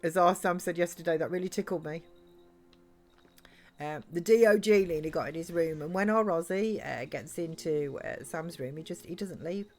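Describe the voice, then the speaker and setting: During a live let's-play, a woman with a fairly low, slightly mellow voice chats at a moderate pace, giggling and reading messages from her chat as she plays.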